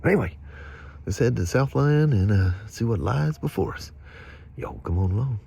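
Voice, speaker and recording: A man's voice: mid-range voice, expressive, normal speed, creaky, dark tone, breathy edge. Folksy, chatty, stuffed-up vlogger man. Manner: folksy, chatty, laughs through stories. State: congested from hay fever. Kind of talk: rambling casual storytelling.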